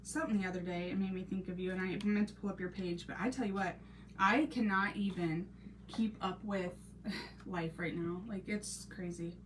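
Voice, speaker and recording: A woman in her thirties hosting a casual crafting live stream, chatting and greeting viewers by name, sometimes dropping to a soft half-whisper while she works. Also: on the low side, steady tone, normal speed. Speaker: crafting channel host. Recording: distant mic with noisy background.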